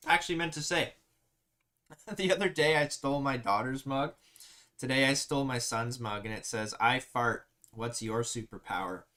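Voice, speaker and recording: A man's voice: mid-range voice, sharp tone. A man hosting a casual live stream, chatting easily and reading viewer comments aloud with frequent laughs. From Canada.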